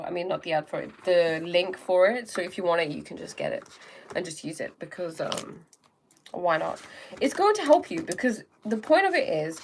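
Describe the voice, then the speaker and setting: A woman's voice: fairly low pitch, a little hiss or hum. Chatty young woman hosting a live stream. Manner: chatty, repeats "okay?" and "um", acts out little scenes. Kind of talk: casual live-stream talk on self-help.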